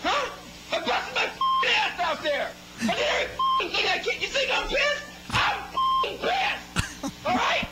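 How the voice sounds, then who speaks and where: A pitcher in a furious, profane rant, shouting so hard that his voice cracks. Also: huge pitch swings, a little slow. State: voice cracking from yelling. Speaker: pro baseball pitcher. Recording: loud noisy archive news clip.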